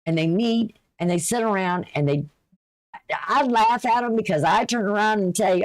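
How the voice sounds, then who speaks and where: A woman's voice: mid-range voice, normal speed, gravelly. A woman giving a casual, folksy astrology reading, chatty and advice-giving, with a runny nose. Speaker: astrology and tarot reader.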